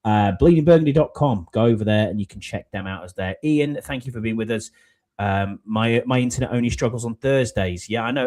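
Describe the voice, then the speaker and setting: A man's voice: lowish voice, fairly quick, a little mellow. A man hosting a podcast in casual, rambling chat, with many fillers. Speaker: podcast host.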